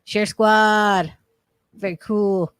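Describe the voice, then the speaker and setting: A woman's voice: mid-range voice, fairly even intonation, very slow, clean tone, dry recording, clean studio sound. A woman co-hosting a recovery livestream in casual chat, greeting viewers by name and talking around a sore tongue. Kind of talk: casual live-stream chat.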